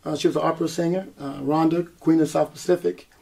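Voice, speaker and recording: A male singer and performer relates his story in an interview at a quick pace, his voice on the high side with vocal fry. He acts out what people told him and laughs often.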